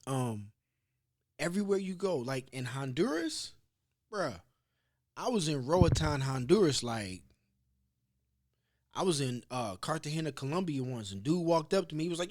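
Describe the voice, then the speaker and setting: Guy hosting a chat show, loose rambling stories, cusses a lot, kinda high voice. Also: sing-song, normal speed, long pauses, darkish tone. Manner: rambling storyteller, loose and profane. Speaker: podcast host. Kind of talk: casual chat.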